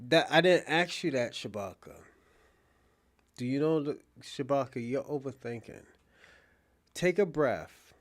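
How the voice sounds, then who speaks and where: A man's voice: medium pitch, moderate pace, fairly bright tone. A man hosting his own show in casual live-stream commentary, speaking bluntly and profanely, addressing a viewer directly, and restarting phrases as he thinks aloud. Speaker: show host.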